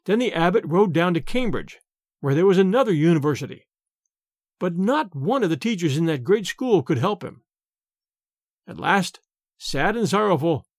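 A man reads an old tale aloud with a high, animated voice that leaps as he acts out the characters. The sound is dry and close, with no room echo. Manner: dramatic, voices characters with big pitch jumps. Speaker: storyteller. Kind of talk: storybook reading with character voices.

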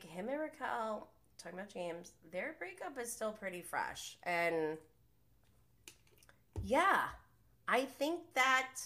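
Female podcast host with a crisp, forceful tone, gossiping and opinionated through a casual TV recap. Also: medium pitch. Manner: gossipy, opinionated, swears freely.

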